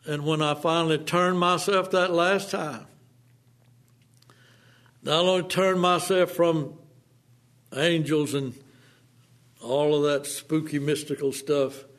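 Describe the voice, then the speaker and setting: A man preaching a sermon, fervent and dramatic, swinging between hushed tones and impassioned appeals. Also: a little high, takes it slowly, long pauses.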